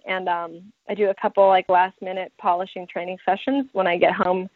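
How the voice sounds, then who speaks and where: A woman's voice: on the low side, fairly quick, no echo. A young adult woman, a track athlete, telling her story casually and animatedly, laughing and acting out what people said. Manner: animated, laughing, acts out quoted lines. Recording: tinny phone-like line.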